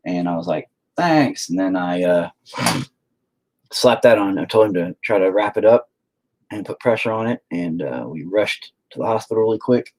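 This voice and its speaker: A man's voice: low-pitched, moderate pace, a little mellow. A man hosting a casual stream, telling a story to viewers in a rambling way and swearing freely. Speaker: stream host chatting with viewers.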